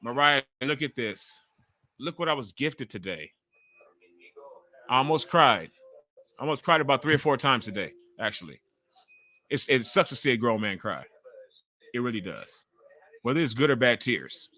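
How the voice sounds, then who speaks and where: Excitable chatty man, bright voice. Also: mid-range voice, moderate pace, long pauses. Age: 40s. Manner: loud, excitable, chatty with viewers, swears freely. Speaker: livestream host. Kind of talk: casual live wrestling watch-along commentary.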